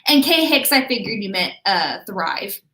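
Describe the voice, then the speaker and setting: A woman's voice: mid-range voice, lively intonation, a little slow, bright, forceful tone. A young woman hosting a writing livestream, chatting casually and bubbly with viewers. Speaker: writing channel host. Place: home room. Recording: echoey room.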